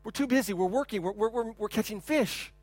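A male pastor acting out fishermen who stammer out hurried excuses to refuse help. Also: sits high, no room sound, pitched above the performer's own voice. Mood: dismissive. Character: dismissive male fishermen brushing off a plea.

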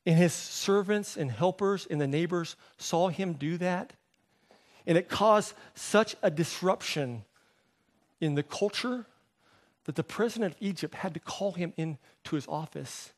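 Male pastor, higher voice, lively storytelling sermon, acts out the quoted lines, drops soft and low to make a point. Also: measured pace. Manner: animated storytelling, voicing quoted characters.

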